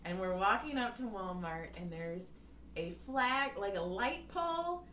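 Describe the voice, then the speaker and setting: A woman's voice: medium pitch, expressive, measured pace, fairly bright tone. A woman co-hosting a podcast, telling everyday stories in casual chat and laughing often. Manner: giggly storyteller, laughs often. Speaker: podcast co-host. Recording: echoey room, distant mic, faint noise.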